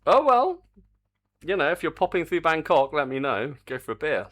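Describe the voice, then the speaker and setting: A man's voice: fairly high pitch, sing-song, normal speed, fairly bright tone. An older man, chatting casually on a live stream while he works on a game, reading the chat aloud and swearing mildly.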